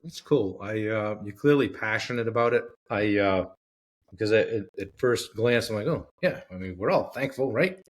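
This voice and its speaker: Husky middle-aged male podcast host. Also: on the low side, expressive, moderate pace. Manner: conversational, many filler words, checks in with "right?". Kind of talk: casual interview chat.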